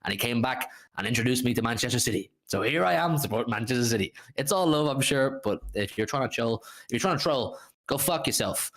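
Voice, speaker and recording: Fast-talking Irish man hosting. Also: medium pitch. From Ireland. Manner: fast, animated, swearing freely. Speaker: podcast host. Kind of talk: casual livestream football chat.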